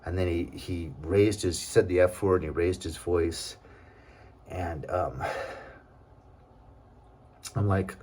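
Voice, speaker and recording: A man's voice: deep voice, moderate pace, long pauses, darkish tone, slight background noise. A man vlogging in a casual, rambling monologue, talking in an aggrieved tone with many fillers and asides.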